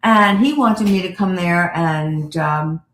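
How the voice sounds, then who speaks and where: Lively woman telling a story, echoey room. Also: fairly low pitch, slow pace. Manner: lively anecdote-telling, acting out quoted voices. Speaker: therapist and radio guest. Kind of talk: animated storytelling in an interview.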